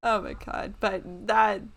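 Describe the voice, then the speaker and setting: A woman hosting a reaction video, enthusiastic, laughing often and gushing over what she watches. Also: mid-range voice.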